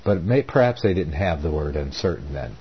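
A man's voice: extremely low pitch, lively intonation, brisk, a little hiss or hum. A man hosting a Bible reading show, reading old scripture aloud and explaining it in a rambling, folksy way with many self-corrections. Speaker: Bible teacher, host. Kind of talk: informal Bible reading and commentary. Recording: dull lo-fi recording.

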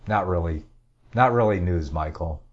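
A man's voice: low-pitched, normal speed. A man hosting a talk show, rambling through the news with casual, sarcastic asides. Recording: dull lo-fi audio.

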